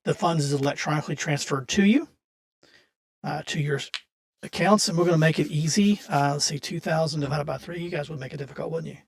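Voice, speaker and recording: A man's voice: a little high, brisk, creaky. A man running a tabletop game as game master, narrating casually and correcting himself as he thinks aloud.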